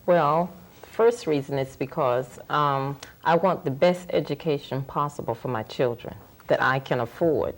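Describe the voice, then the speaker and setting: A woman with a low voice takes part in a televised panel as a parent. She answers in a plain-spoken, conversational way, with the odd filler word. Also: normal speed. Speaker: parent guest. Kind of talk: studio panel discussion.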